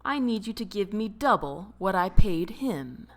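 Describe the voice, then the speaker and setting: A woman's voice: medium pitch, a little slow. Woman doing a smug corrupt judge. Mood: smug calm. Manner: calm, contemptuous. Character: corrupt smug male judge, calm and wicked.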